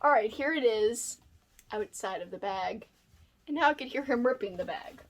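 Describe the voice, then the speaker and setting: A woman chatting to the camera at home, bubbly and excitable, showing off new books and talking to her dog between them. She speaks casually, like a book vlogger. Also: on the high side, normal speed, a little hiss or hum. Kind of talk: casual unboxing chat to camera.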